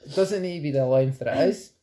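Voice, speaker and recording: A woman's voice: deep voice, quick pace, over a noisy crowd. A woman co-hosting a podcast, teasing her partner with chuckling banter in casual chat. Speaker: podcast co-host.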